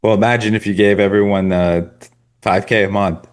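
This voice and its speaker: A man co-hosting a podcast, chatting casually with wry quick asides. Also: on the low side, steady tone, smooth. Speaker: podcast co-host. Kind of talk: casual chat.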